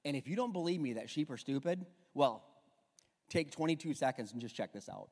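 A man's voice: medium pitch, expressive, a little fast, darkish tone, in a large hall. A man preaching a sermon from the pulpit in a church, with joking, conversational asides to the congregation. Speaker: pastor. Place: church sanctuary.

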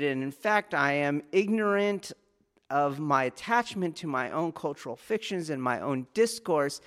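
A man with a slightly higher-pitched voice gives an earnest spoken lesson as a martial arts teacher. He keeps asking his listener rhetorical questions and repeats key phrases to press his point home. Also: a bit bright.

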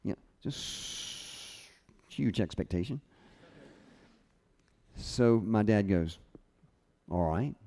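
A man's voice: lowish voice, very slow, vocal fry, pauses often. A man preaching a sermon, telling a personal story and acting out the people in it as he quotes them. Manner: storytelling with lively quoted voices. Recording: long hall reverb.

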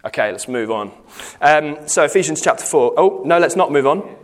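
A man's voice: fairly high pitch, lively intonation, normal speed. A man leading a Bible study in a church hall, explaining a passage with frequent "okay"s and restarts. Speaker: Bible teacher.

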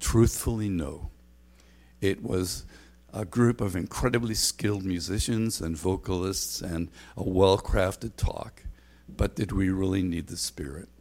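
Older male pastor, lowish voice, earnest conversational sermon delivery with restarts. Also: a little slow, darkish tone.

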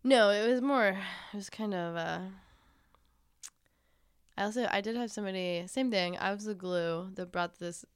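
A woman's voice: mid-range voice, normal speed, clear, resonant tone, no room sound, clean studio sound. A woman guest on a comedy chat show, telling stories in a rambling, giggly way. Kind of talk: casual chat.

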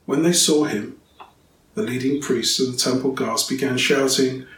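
A man reading scripture aloud and then preaching on it in a steady, clear way. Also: medium pitch, normal speed. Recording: roomy, distant, faint ambience.

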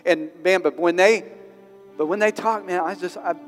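High-voiced emotional preacher in a reverberant hall. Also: male voice, moderate pace, faint music behind. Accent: Southern US. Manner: emotional, builds to loud exhortation. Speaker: pastor. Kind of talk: sermon. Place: large venue with long reverb.

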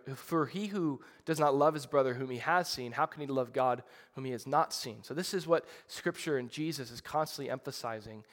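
A man preaching a sermon in a conversational, animated way, with frequent restarts and asides. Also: medium pitch, long reverb tail. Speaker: pastor.

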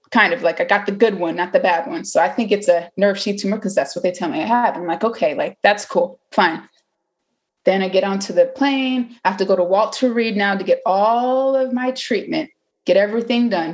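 Young woman in her twenties, candid and chatty storyteller, mid pitch. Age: 20s. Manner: candid, chatty, full of fillers and acted-out quotes. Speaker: cancer survivor telling her story. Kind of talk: personal storytelling.

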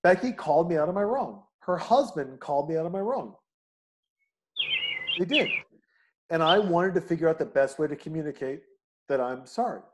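A man's voice: on the high side, expressive, moderate pace, pauses often, heavy background noise. A man co-hosting a casual chat, talking in long, profane, emphatic rants.

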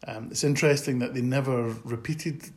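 A man's voice: mid-range voice, steady tone, brisk, a little mellow. A man co-hosting a podcast in casual chat, hesitant with restarts and wry in tone. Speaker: podcast co-host.

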